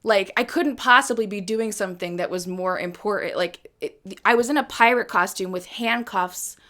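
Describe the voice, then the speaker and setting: A woman's voice: mid-range voice, moderate pace, fairly bright tone. A woman hosting a live music stream, chatting casually between songs, rambling and swearing freely with self-mocking humor. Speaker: livestream host and singer.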